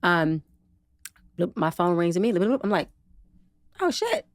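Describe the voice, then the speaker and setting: A woman guest on a podcast, a psychologist and TV producer, telling a personal story in a casual, expressive way with slang. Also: fast, no room sound, clean studio sound. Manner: expressive, casual and slangy, acts out quotes with big pitch jumps. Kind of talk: animated personal storytelling in an interview.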